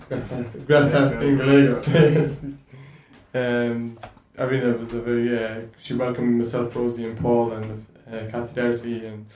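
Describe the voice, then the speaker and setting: A man's voice: medium pitch, flat delivery, measured pace. A man hosting a live poetry night, chatty and loose. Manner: loose, rambling, chatty with fillers. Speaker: event host. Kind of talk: casual stage announcements. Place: live venue in Cork. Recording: roomy live venue from far off, with audible noise.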